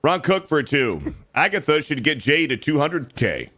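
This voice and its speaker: A man's voice: a little high, sing-song, normal speed, pushed and bright. A man co-hosting a livestream, reading out donation messages in crude, profane banter. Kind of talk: casual chat.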